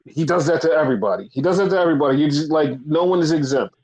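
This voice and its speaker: A man's voice: on the high side, racing, darkish tone, rough recording. A man co-hosting a casual wrestling podcast, ranting with lots of swearing and repetition. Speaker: podcast co-host.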